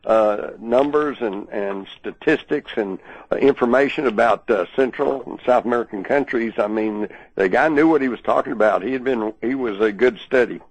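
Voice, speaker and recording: Husky guy rambling thru a radio call-in, lots of uh and restarts, dry close sound. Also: medium pitch, normal speed, no echo, poor audio. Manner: rambling, many fillers and restarts. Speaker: guest researcher. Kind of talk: talk radio discussion.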